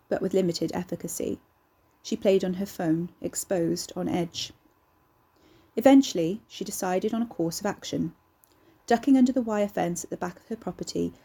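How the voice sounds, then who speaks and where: A woman reading an audiobook in a steady, measured way. Her voice is lowish, mellow and a touch husky. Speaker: narrator. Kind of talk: audiobook narration.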